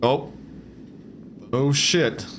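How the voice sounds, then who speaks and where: A man live streaming a video game, reacting excitedly, chatting and swearing casually. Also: medium pitch, extremely slow, slight background noise.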